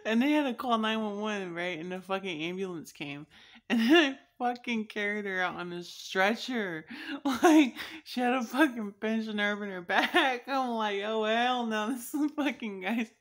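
A woman's voice: mid-range voice, moderate pace, a bit bright. A young woman telling a story to her viewers in a casual vlog, cursing freely and laughing often. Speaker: vlogger.

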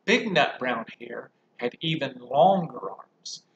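Music teacher reading to kids: a man with a lively, animated pitch and an unhurried pace. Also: creaky, muffled recording, a little hiss or hum. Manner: warm, explaining and gently animated. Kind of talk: reading a picture book aloud to young pupils.

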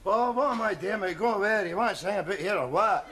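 A man's voice: high-pitched, fast, close to an everyday voice. An actor playing a brash, mocking Scottish man with a broad dialect in a 1970s British sitcom. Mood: cocky. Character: brash rowdy Scottish man, chauffeur, cheeky and antagonistic. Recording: noisy old TV soundtrack.

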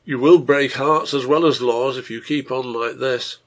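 A man's voice: mid-range voice, moderate pace, gravelly, fairly bright tone. A man reading the lines of the innkeeper's wife, grave and reproachful, in a storybook reading. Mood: severe. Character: stern grown woman, the innkeeper's wife.

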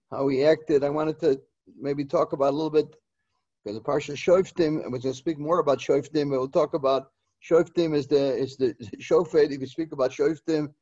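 An older man, a yeshiva head, delivering a eulogy sermon in a halting, repetitive way, with Hebrew and Yiddish terms mixed in. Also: fairly high pitch, warm tone, dry recording, lo-fi sound. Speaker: rosh yeshiva giving a eulogy.

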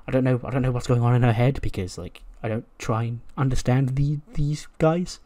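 Jokey, rambling gaming commentator. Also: male voice, mid-range voice, brisk, warm tone. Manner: rambling, jokey, slangy storytelling. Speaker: gaming YouTuber. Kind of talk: casual let's-play commentary.

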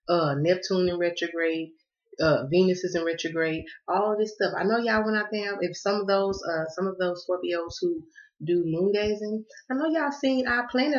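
A woman's voice: mid-range voice, muffled recording. A woman with a Southern American accent giving a casual tarot reading to camera, chatty and laughing, often checking in with "okay?" and calling listeners "baby". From Southern United States. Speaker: tarot card reader.

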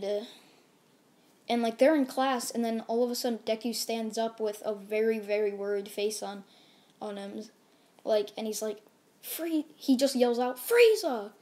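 A woman's voice: on the high side, darkish tone. A woman casually narrating a fan-made story, rambling with many fillers and restarts.

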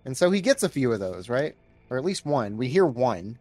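A man's voice: medium pitch, big pitch swings, brisk, darkish tone, no echo, soft background music. A man co-hosting a casual movie podcast, recapping scenes in a laid-back way with some swearing. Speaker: podcast co-host. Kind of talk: casual movie review chat.

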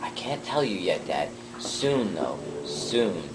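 A man voicing a secretive grown son who answers in a low, hushed half-whisper. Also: moderate pace, natural voice. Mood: hushed, mysterious. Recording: noisy with clicks.

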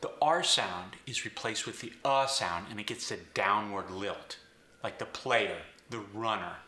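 Guy teaching sounds step by step, low and bright, roomy echo. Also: measured pace. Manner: clear step-by-step instruction. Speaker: accent coach. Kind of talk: instructional explanation.

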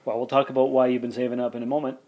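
A man's voice: medium pitch, flat delivery, racing, mellow. A man hosting his own podcast, chatting casually and jokily with two co-hosts, rambling with playful jumps in his voice. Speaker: podcast host. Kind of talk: casual chat.

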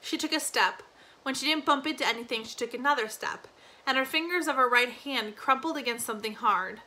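A woman teacher reading a novel chapter aloud expressively, slowing on key phrases with a few small slips. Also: high-pitched, pushed and bright.

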